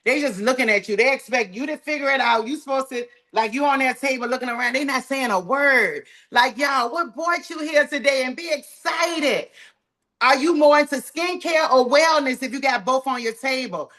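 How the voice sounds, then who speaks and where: A woman with a Southern US drawl leads a live training call, talking to her group in a folksy, plain way. Her voice sits a touch high, and she sounds energetic and encouraging. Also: moderate pace. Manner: folksy, talks straight to the group, says "y'all" often. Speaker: sales trainer.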